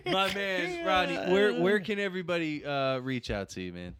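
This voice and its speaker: A man hosting a podcast, talking casually, swearing freely and laughing loudly. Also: fairly high pitch, big pitch swings, fairly quick, smooth. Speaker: podcast host. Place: podcast studio.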